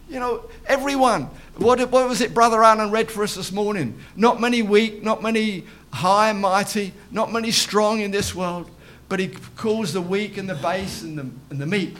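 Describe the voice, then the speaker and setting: Guy preaching in church, pretty high voice, keeps repeating himself for emphasis. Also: animated, normal speed, a bit bright. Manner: emphatic, repeats phrases, calls out amen. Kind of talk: sermon.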